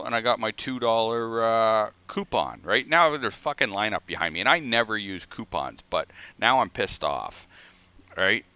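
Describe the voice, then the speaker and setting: A man's voice: on the low side, lively intonation, moderate pace, pushed and bright, smooth, dry recording. A man streaming a flight simulator, telling a rambling, profane story in casual chat.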